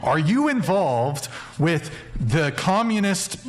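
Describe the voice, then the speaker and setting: A man moderating a debate, cutting in to slow things down and ask questions. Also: a little high, big pitch swings. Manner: interjecting, trying to slow things down.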